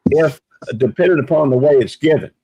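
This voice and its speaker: A man talking in a casual live chat, measured and reflective, with many pauses and restarts. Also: on the high side, warm tone, breathy edge, poor audio.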